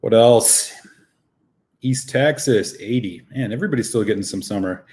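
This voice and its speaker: A man hosting a relaxed live stream, a touch winded from a run. He chats loosely and greets viewers one by one as he reads the chat aloud. His voice sits at an ordinary middle pitch. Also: moderate pace, a little hiss or hum. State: slightly out of breath after a run.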